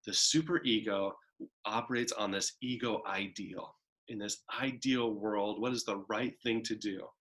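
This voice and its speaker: A man's voice: lowish voice, steady tone, measured pace, fairly bright tone. A man teaching a college psychology lecture in a conversational way, often tagging points with "right?" and "kind of". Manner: acts out a demanding child's voice in examples. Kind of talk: recorded classroom lecture.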